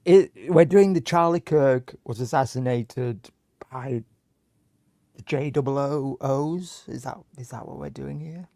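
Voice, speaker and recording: A man's voice: medium pitch, unhurried, creaky, mellow, no echo, clean studio sound. A man hosting a livestream, chatting casually and reacting with exasperated disbelief. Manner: exasperated and incredulous. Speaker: livestream host. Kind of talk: casual live reaction chat. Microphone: headphones.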